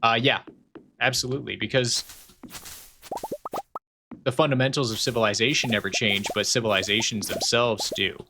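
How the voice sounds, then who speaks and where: A man's voice: medium pitch, steady tone, moderate pace, long pauses, noisy background. A man streaming a video game from home, chatting casually and rambling off on tangents while reading chat aloud.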